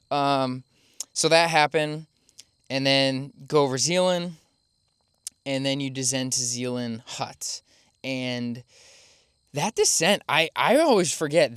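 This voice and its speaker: A man's voice: mid-range voice, a bit bright, smooth, no echo, studio quality. A young man telling a long race story in a casual, chatty way, full of fillers, with laughs at his own expense. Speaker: podcast host recounting his race.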